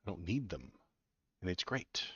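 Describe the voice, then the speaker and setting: A man's voice: low-pitched, very animated, moderate pace, sharp tone, breathy edge, no room sound, highs cut off. A man hosting a casual political livestream, ranting with sarcastic, mocking disgust and chatting to his viewers.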